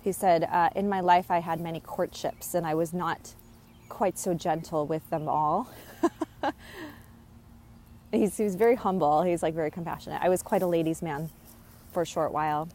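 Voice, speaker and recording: A woman's voice: on the low side, moderate pace, long pauses, darkish tone, a little hiss or hum. A woman talking casually as she relays a spirit's messages, hesitant with many fillers and restarts, laughing now and then. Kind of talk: casual channeling monologue.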